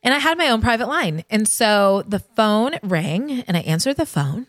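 A woman's voice: medium pitch, animated, moderate pace, no room sound. A woman in her fifties from the United States, a podcast host telling a personal story in a chatty, confiding way and talking straight to her listeners.

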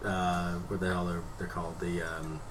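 A man co-hosting a casual podcast chat, laughing often and talking with lively pitch jumps. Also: normal speed. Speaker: podcast co-host. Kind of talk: casual banter. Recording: distant mic with faint noise.

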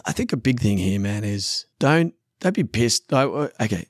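A man's voice: fairly low pitch, expressive, normal speed, no echo, clean studio sound. A man in his thirties co-hosting a podcast. He talks bluntly, swears freely and calls the listener "man". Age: 30s. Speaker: podcast co-host. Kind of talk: casual conversational podcast.

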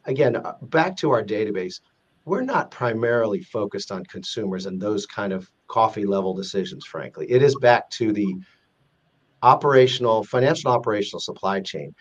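A man's voice: lowish voice, normal speed. Man, interview guest, earnest explainer, restarts often, muffled lo-fi sound. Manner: earnest, explanatory, with frequent restarts and acted-out example quotes. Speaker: guest explaining a corporate risk rating database. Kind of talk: casual interview talk.

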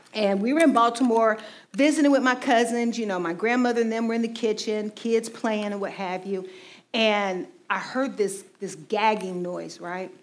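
A woman in her forties tells a faith testimony in a loose, chatty manner. Her voice sits at a middling pitch. She peppers her story with "you know". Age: 40s. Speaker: ministry team speaker.

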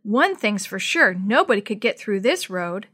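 A woman voicing an alert young girl who speaks quickly and cries out when alarmed. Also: mid-range voice, sing-song, a bit bright, slightly rough.

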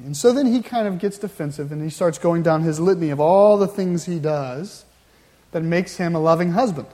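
A man's voice: sits high, normal speed, a little mellow. A male pastor preaching a sermon in a conversational storytelling way, with wry asides. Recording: long hall reverb.

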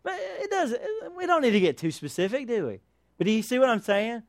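Animated preaching man, high lively voice. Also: brisk, no room sound, clean studio sound. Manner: animated, rhetorical questions, calls for amen. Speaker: pastor. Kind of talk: sermon.

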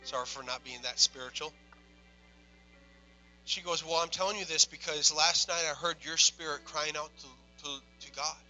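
A young man preaching a sermon, telling a personal story quietly, then building to loud, impassioned preaching. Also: on the high side, steady tone, moderate pace, faint music behind, rough recording.

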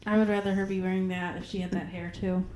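A woman co-hosting a casual chat, agreeable and quick with dry quips. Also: on the low side, little pitch movement, darkish tone. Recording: echoey room, faint noise.

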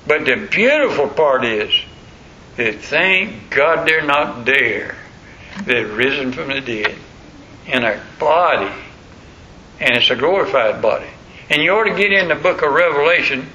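A man's voice: mid-range voice, sharp tone. An older man preaching a sermon in a folksy, rambling storytelling way. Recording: muffled lo-fi recording with faint noise.

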